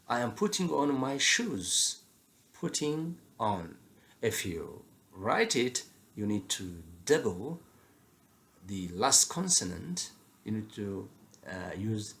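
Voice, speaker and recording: A man teaching a grammar lesson, explaining spelling rules with many pauses and filler sounds. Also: on the low side, gravelly, a bit bright. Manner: halting, frequent filler pauses, slow and deliberate explanations. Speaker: English teacher.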